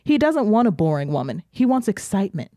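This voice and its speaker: A woman's voice: mid-range voice, big pitch swings, brisk, warm tone, no echo, clean studio sound. A woman co-hosting a podcast, recapping a TV episode in casual chat with crude, profane jokes. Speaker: podcast co-host.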